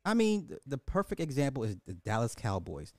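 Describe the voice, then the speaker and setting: A man, ranting in casual commentary, loose and animated, swearing and repeating himself. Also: mid-range voice, a little fast, dry recording, studio quality.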